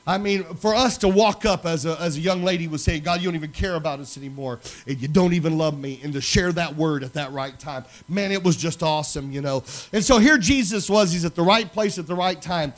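Man, pastor preaching, animated storytelling, slightly high voice. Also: brisk, hardly any pauses. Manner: animated storytelling, swings from loud to hushed. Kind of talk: sermon with personal stories.

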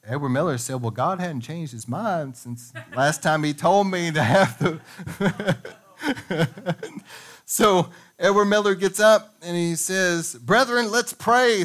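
A man preaching in church, reading a revival story aloud and adding animated asides to the congregation. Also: sits high. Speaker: pastor.

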